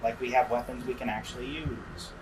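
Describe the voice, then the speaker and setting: A man's voice: medium pitch, fairly even intonation, a little fast, background noise. Man with a dry, sarcastic commentary voice. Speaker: game commentator. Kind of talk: casual gameplay commentary.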